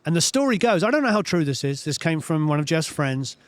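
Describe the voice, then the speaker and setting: A man, a music producer telling studio stories in an interview, animated and full of "you know" fillers. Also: a little high, brisk, no room sound. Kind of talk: storytelling interview chat.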